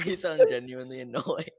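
A man's voice: medium pitch, huge pitch swings, moderate pace, vocal fry, no room sound. A man bantering with friends during a game, dryly teasing and laughing often. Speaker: gamer chatting with friends. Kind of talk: casual gaming banter.

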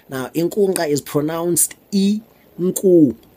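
A man with a voice giving a comic, mock-serious language lesson, drawing out key words slowly. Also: on the high side, animated, darkish tone, slight background noise. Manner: mock-serious, slow stressed pronunciations. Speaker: comedic language teacher.

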